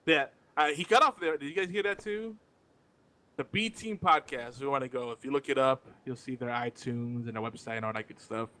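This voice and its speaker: A man's voice: mid-range voice, brisk, pushed and bright. A man hosting a gaming podcast, moving the show along in a laid-back, chatty way. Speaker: podcast host.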